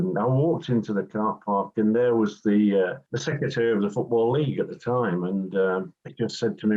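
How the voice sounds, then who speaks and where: Older english guy, ex-ref, chatty storyteller, lowish voice, kinda muffled recording. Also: fairly quick, few pauses. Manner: anecdotal, warm storytelling with acted-out quotes. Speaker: former football referee, interview guest. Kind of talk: reminiscing in a conversational interview.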